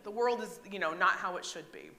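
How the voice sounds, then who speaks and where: A woman's voice: medium pitch, fairly quick, pushed and bright. An American woman pastor preaching a conversational sermon, often asking the congregation questions and checking in with "right?". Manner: chatty, asks the congregation questions, frequent "right?". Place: church sanctuary. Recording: echoey church hall.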